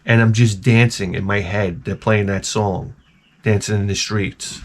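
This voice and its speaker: A man hosting his own video, telling a rambling, profane story in an animated, casual way. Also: on the low side, measured pace. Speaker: video host.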